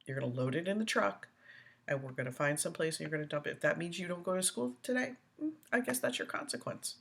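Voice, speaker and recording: A woman's voice: sits low, lively intonation, fast, gravelly, a bit bright, breathy edge. A middle-aged woman hosting a casual commentary stream, chatting and rambling as she reads viewer comments aloud, often laughing. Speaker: host.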